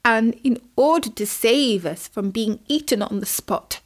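A woman voicing a kind mother goat in a storybook, speaking gently and softly. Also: a little high, measured pace. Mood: sad.

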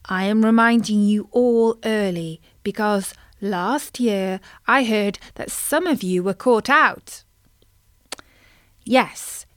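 A woman telling a children's story in a playful, expressive way. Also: fairly high pitch, dry recording.

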